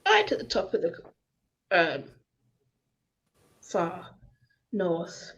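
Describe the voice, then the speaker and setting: A woman speaks very slowly in a bright, sharp voice. She chats casually late at night and pauses often to search for words. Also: fairly low pitch, huge pitch swings, lo-fi sound. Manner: hesitant, with fillers and restarts. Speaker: co-host of a live stream.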